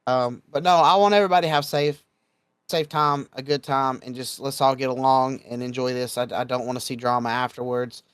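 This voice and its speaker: A young adult man from Georgia, hosting a casual podcast chat and speaking bluntly, getting animated when laying down rules. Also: mid-range voice, a little fast, clean tone, no echo. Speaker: podcast host.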